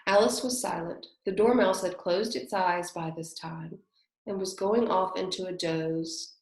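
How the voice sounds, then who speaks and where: A woman narrating a children's classic as a storybook reading, quiet and even. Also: fairly low pitch, a little slow, creaky. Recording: roomy echo.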